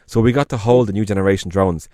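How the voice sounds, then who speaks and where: Irish man, podcast co-host, low voice, dry close sound, eager rambling chat. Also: quick pace, darkish tone, no echo. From Ireland. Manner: enthusiastic, rambling with frequent fillers.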